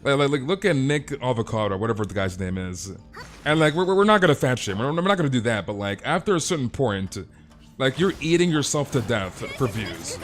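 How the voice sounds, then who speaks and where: A man's voice: mid-range voice, lively intonation, fairly quick. Ranting streamer guy saying "dude" a lot. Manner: swears and repeats himself. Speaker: game streamer. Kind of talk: casual stream chat.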